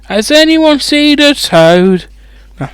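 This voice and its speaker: A man's voice: very high voice, big pitch swings, slow, no room sound, voice pushed up, heavily acted. A man voicing a bossy, know-it-all schoolgirl in a bossy tone.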